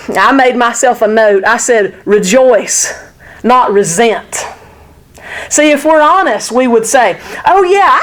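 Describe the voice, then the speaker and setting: A woman with a high, light voice leads a church Bible study. She talks frankly and pokes fun at herself, and she keeps asking the class pointed rhetorical questions. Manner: candid, self-deprecating, full of rhetorical questions. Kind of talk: church teaching talk.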